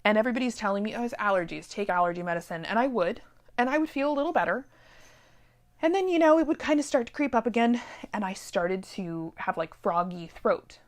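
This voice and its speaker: A middle-aged woman who teaches sewing, telling a personal story in a chatty, animated way with many asides. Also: mid-range voice, brisk. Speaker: sewing teacher and shop owner. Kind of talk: casual storytelling vlog. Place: warehouse room.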